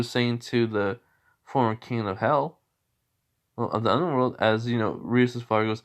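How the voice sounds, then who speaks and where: Man telling a made-up story off the cuff, rambling, medium pitch. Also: steady tone, measured pace, pauses often. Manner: rambling, many fillers and self-corrections. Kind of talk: improvised fan story narration.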